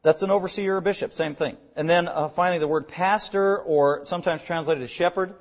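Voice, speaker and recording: A man's voice: high-pitched, fairly even intonation, a little fast, muffled recording. A man preaching as the pastor of his church, explaining terms with emphatic repetition. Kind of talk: sermon.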